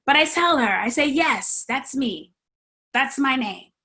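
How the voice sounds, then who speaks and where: A woman's voice: high voice, expressive, unhurried, sharp tone. A woman preaching a sermon as a personal story, dramatically acting out the people in it and dropping to whispers. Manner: dramatic storytelling, acts out voices, drops to whispers. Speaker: guest preacher. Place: church sanctuary.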